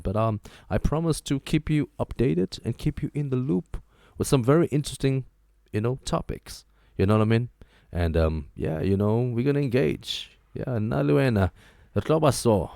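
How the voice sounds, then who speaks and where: A man hosting a talk show, giving joking, animated commentary and repeating his phrases for emphasis. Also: lowish voice, no room sound, studio quality. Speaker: host. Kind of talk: casual commentary monologue.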